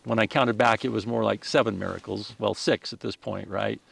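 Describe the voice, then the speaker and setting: Gravelly-voiced man telling a personal story. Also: on the low side, steady tone, normal speed, fairly bright tone, dry recording. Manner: earnest, emotional, with frequent restarts. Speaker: podcast guest.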